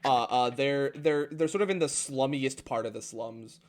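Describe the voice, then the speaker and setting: A man narrating as game master in a tabletop game, halting and full of fillers and restarts. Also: medium pitch.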